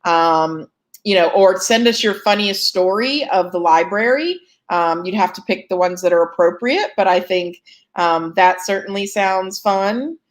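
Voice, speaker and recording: A woman's voice: medium pitch, measured pace. Chatty woman hosting a live Q&A. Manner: chatty, many ums, self-deprecating asides. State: yawning, short of breath. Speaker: host answering fundraising questions. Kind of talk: live Q&A chat.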